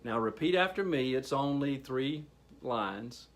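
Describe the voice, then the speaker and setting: A man leading a workshop on handling speaking anxiety, addressing a group and pausing for effect. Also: mid-range voice. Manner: animated, addressing a group, with pauses. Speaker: training facilitator. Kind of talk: public speaking workshop presentation.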